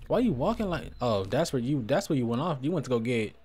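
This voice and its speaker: A man giving casual gameplay commentary into a desk microphone, reacting with animated jokes and slang. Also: mid-range voice, fast, breathy edge. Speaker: gaming streamer.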